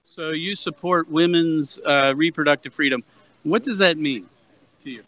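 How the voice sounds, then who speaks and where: A man with a bright, somewhat high voice leads a street debate outdoors on a campus plaza. He asks persistent, probing questions and trips over repeated words as he pushes his point. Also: normal speed, rough recording. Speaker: anti-abortion street activist interviewer.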